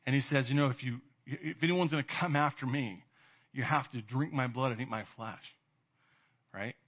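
A Californian pastor with a mid-range voice preaches at a moderate pace, keeping things conversational. He often checks in with "right?", laughs from time to time, and dramatizes quoted voices. The recording sounds dull and lo-fi.

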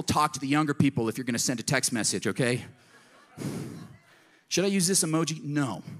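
A male pastor preaching with animated, conversational energy. He shifts between punchy, raised lines and quiet, confiding asides, often acting out small exchanges as he goes. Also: medium pitch. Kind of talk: sermon.

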